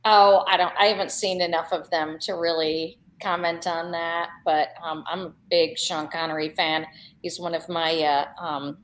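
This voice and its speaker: A woman with a low voice, co-hosting a casual podcast chat over a video call. She keeps things light and self-deprecating. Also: little pitch movement, normal speed, low-quality recording. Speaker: podcast co-host.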